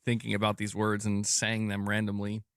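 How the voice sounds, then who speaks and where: A man's voice: lowish voice, completely flat delivery, moderate pace, a bit bright, smooth, no echo, clean studio sound. A man talking casually on a livestream, joking and ribbing his chat. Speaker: streamer shown in a clip.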